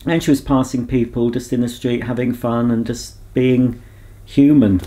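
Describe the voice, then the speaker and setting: A man's voice: mid-range voice, steady tone, moderate pace, dark tone. A man vlogging in a casual, rambling chat to camera, talking candidly and reflecting on himself.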